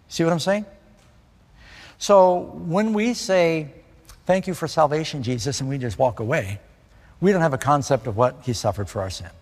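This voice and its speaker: A man's voice: fairly high pitch, darkish tone, big-room sound. A man from New York City preaching a conversational sermon, often putting questions to his listeners.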